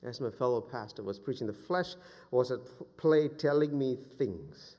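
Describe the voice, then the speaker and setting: Forties guy preaching a sermon, medium pitch, goes loud and passionate then drops quiet telling a story, long hall echo. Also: moderate pace. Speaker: pastor.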